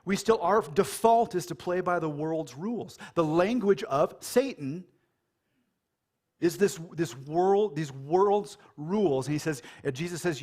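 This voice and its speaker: An American pastor preaches a church sermon with loose, conversational energy at a measured pace, his voice a little higher than most men's. Casual and animated, he jokes with the congregation and acts out quoted characters as he tells the story.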